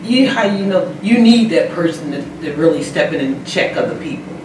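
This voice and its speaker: A woman's voice: deep voice, lively intonation, brisk. A woman speaking earnestly and with emphasis in a casual interview. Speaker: guest, realtor. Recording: roomy, distant, noisy.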